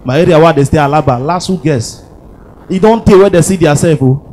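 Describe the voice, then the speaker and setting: A male stand-up comedian with a Nigerian Pidgin accent, telling jokes on stage and dropping from low asides into shrill mock voices. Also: brisk, darkish tone, rough recording. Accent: Nigerian Pidgin English. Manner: switches between low mutter and shrill mock-female squeals. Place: stage with live audience.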